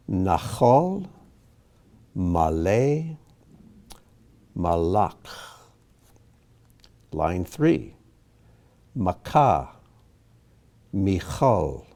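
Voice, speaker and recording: A man leads a Hebrew reading lesson at an unhurried pace, pausing on each word before he explains it. His low, mellow voice rises and falls a great deal as he teaches with patience. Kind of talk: reading lesson, slow careful pronunciation.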